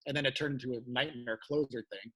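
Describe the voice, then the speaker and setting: A man, a comedian guest, telling a long road story in casual chat, profane and animated, shouting out the lines he quotes. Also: medium pitch, quick pace, slightly rough.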